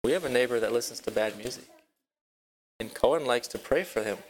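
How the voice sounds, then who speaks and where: A man teaching a children's Bible lesson at a rural property with a barn. He tells the story haltingly, repeats his words and asks the children questions. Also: mid-range voice, low-quality recording.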